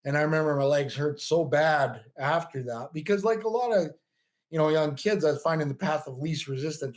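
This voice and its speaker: A man's voice: on the high side, brisk. Middle-aged man telling gym stories. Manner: rambling, frequent restarts and "you know". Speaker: podcast guest, bodybuilder and coach. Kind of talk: casual storytelling interview.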